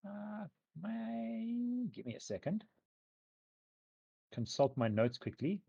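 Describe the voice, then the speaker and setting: A man's voice: medium pitch, big pitch swings, unhurried, mellow, slightly rough. A man running a tabletop game as game master, describing scenes loosely with many fillers and hedges. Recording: dull lo-fi recording.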